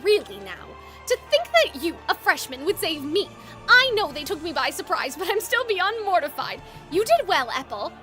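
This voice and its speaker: A woman's voice: very high voice, sing-song, moderate pace, pushed and bright, faint music behind, heavily acted. A woman voicing a strict, proud young male house warden who talks in a formal, clipped, stern way.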